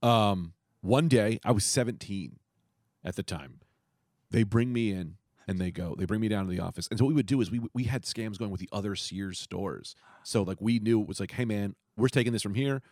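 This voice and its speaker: Young man, low-pitched storyteller, profane and animated, dry close recording. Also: a little fast, no room sound. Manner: rambling, profane, animated storyteller who acts out quotes. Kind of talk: casual storytelling chat.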